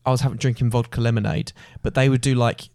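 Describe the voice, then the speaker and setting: A man's voice: mid-range voice, little pitch movement, fast talker, a little mellow, dry recording, studio quality. A young man co-hosting a podcast, telling a travel story in a rambling way with many fillers. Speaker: podcast co-host. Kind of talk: casual chat.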